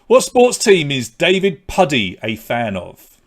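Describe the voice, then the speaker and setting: A man's voice: a little high, huge pitch swings, measured pace. A man with a British accent hosting an online quiz, reading questions twice and calling out scores in a chatty way. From Britain. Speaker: quiz host.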